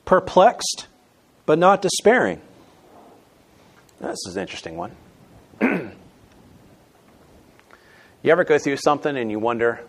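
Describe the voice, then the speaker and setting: Male pastor delivering a sermon, lively pitch, punchy stresses and soft asides. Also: a little slow, pauses often. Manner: emphatic, swings between loud stresses and quiet asides.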